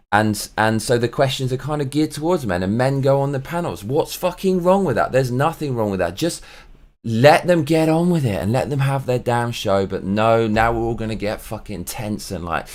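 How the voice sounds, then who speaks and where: An English man hosting his own vlog, ranting in a profane, casual monologue. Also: lowish voice. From England. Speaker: show host.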